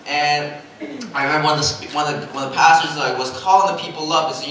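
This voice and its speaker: Animated pastor in an echoing hall. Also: male voice, fairly high pitch, fast talker, slight background noise. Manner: animated, self-mocking storyteller who laughs at his own jokes. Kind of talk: sermon with storytelling. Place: large church sanctuary. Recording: echoey hall, mic at a distance.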